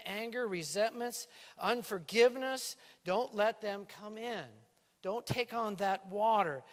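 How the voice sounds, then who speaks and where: A male pastor preaching a sermon in a church, lively and playful, with a stage microphone. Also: high-pitched. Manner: lively preaching with playful put-on island lilt. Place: church sanctuary. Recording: reverberant church hall.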